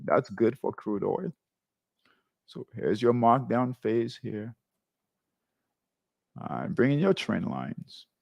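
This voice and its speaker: Guy walking through trading charts live, slow and gravelly, keeps saying right? okay?. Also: medium pitch, sing-song, dry recording, dull audio. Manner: repeats tags like "right?" and "okay?" while pointing at charts. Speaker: trading show host.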